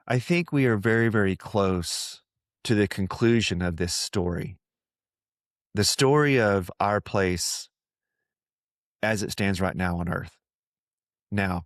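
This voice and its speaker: Hosting a reflective podcast about faith, a low-voiced man keeps a measured pace and an earnest, conversational tone. He often repeats himself and puts on voices for quotations, captured in a dry, clean studio recording.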